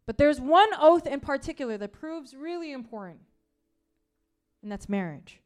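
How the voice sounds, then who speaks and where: A woman's voice: high-pitched, expressive, normal speed, a little mellow. A woman giving a casual, conversational sermon, full of "like" and "right?", repeating key phrases for emphasis. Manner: chatty, peppered with "like" and "right?". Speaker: preacher.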